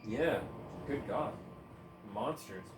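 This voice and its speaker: A man's voice: medium pitch, animated, slow pace, noisy background. Profane ranting man in a roomy echo. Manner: profane, heated, sarcastic, breaks into laughs. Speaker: gaming streamer. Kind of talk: ranting commentary while gaming. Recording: roomy echo, faint ambience.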